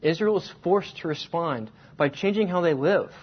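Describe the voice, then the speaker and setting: Husky-voiced male preacher, dull lo-fi sound. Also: fairly high pitch, animated. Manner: storytelling, slowing for emphasis. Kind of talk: sermon.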